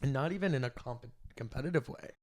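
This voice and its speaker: A young woman from Texas co-hosting a podcast, talking in an animated, playful way, laughing often and sometimes loud. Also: rumbling low, fast talker, dry recording, clean studio sound. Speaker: podcast co-host. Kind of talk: casual chat.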